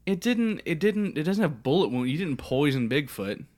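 A man's voice: a little high, very animated, moderate pace, a little mellow. A man co-hosting a casual podcast chat, swearing freely and goading his friend with jokes. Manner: crude, joking, provoking. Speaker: podcast co-host.

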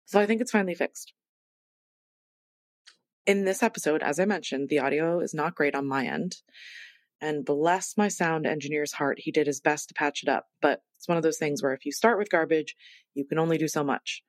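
A woman's voice: low voice, normal speed, no room sound. A woman hosting her own podcast, talking casually and chattily in a self-deprecating, rambling way. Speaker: podcast host. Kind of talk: casual solo podcast intro.

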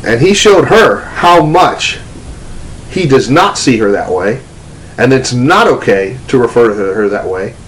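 Male preacher, mid pitch, casual storytelling teacher, chatty delivery. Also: animated, measured pace, a bit bright, poor audio. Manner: conversational storytelling with restarts and fillers. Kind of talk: testimony-style teaching talk.

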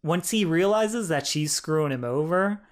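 A man co-hosting a casual podcast, retelling a documentary with animated quotes and frequent laughter. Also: fairly high pitch, normal speed. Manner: animated storyteller, acts out quotes, laughs often. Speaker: podcast co-host. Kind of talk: casual chat reviewing a documentary.

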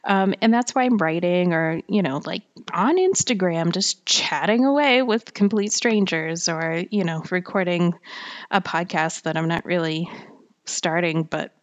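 A woman's voice: fairly low pitch, measured pace, highs cut off. A woman writer talking alone on her podcast in a rambling, chatty way, with a slightly whiny voice, many fillers and frequent laughter. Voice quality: self-described whiny voice. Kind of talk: casual solo monologue.

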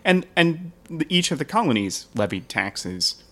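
A man who hosts a history podcast, explaining the past at length in a relaxed, joking chat and laughing easily. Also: on the high side, a little slow.

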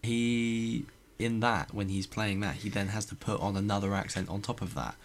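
Man, podcast host, casual rambling chat, swears, low voice. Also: steady tone, normal speed, over a noisy crowd. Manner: rambling, swearing, many restarts.

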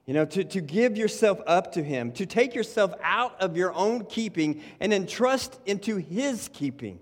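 Pastor, man, high voice; casual sermon full of "you know", big reverberant church. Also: lively intonation, normal speed. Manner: conversational, repeats words, says "you know" and "right" often. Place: church sanctuary.

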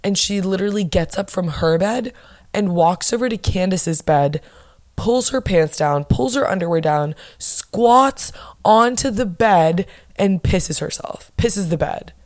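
A young woman hosting her own podcast, chatting casually and bluntly with lots of swearing and animated bursts of emphasis. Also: medium pitch, unhurried. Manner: blunt, profane, gossipy. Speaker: podcast host. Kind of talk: casual solo podcast chat.

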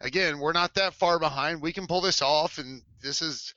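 A man in his forties tells a rambling story in casual chat, laughing and slipping into funny voices for the people he quotes. His voice is bright and a little high for a man. The sound is dull and dry, as if through a headset mic. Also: normal speed, no room sound. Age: 40s. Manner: animated, laughing, acts out quotes in shifting voices. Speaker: former cheerleader telling a story.

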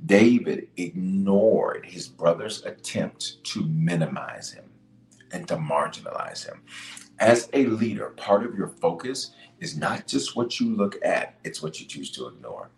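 A bishop with a podcast delivers an expressive, measured sermon on leadership, reading scripture and stressing key lines by repeating them, moving from loud bursts to low asides. The low-quality recording has a roomy sound and a little hiss or hum.

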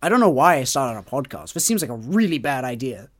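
A man's voice: mid-range voice, very animated, quick pace. A man co-hosting a book podcast, chatting casually and giving his opinions with enthusiasm. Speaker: podcast co-host. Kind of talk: casual chat about a book.

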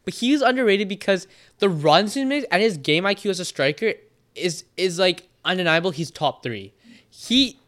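A Canadian teenage soccer player telling animated stories in a casual podcast chat. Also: male voice, high voice, moderate pace. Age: teens. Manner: animated storyteller, quotes trash talk.

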